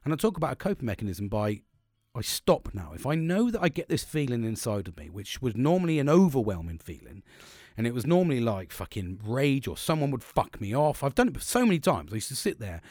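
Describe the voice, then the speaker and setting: A middle-aged man hosts a podcast in a loose, rambling monologue. He is blunt and swears freely. His pitch swings widely, and his voice sits dry and close to the mic. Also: sing-song, a little fast, a little mellow, dry recording. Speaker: podcast host.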